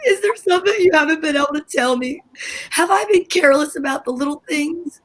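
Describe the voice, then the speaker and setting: A woman's voice: sits high, fairly quick, close to an everyday voice, poor audio. A woman playing a melodramatic, fretful wife in an old-time radio play. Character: fretful wife Liz, dramatic and self-pitying. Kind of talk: 1940s radio acting.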